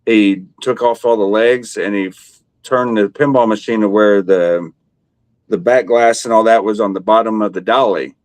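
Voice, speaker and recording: A man with a fairly low voice hosts a live stream, chatting casually and rambling through fillers and restarts. The sound is dry and close. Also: steady tone, normal speed, dry recording. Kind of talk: casual chat.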